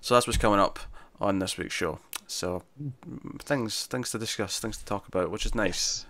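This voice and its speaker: A man's voice: fairly low pitch, moderate pace, fairly bright tone, no echo. A man co-hosting a podcast, chatting casually about TV episodes and rambling with frequent restarts. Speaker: podcast co-host. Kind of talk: casual TV review chat.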